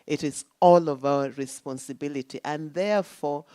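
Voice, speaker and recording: A woman's voice: sits low, moderate pace, few pauses, warm tone, no room sound. A woman speaking at a symposium, lecturing with rhetorical questions and emphatic stresses. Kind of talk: academic talk. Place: conference hall.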